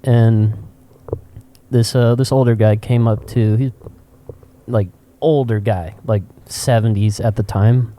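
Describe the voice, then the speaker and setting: Speaking slowly in a lowish voice, a man co-hosting a casual cigar-shop podcast tells stories animatedly and laughs frequently.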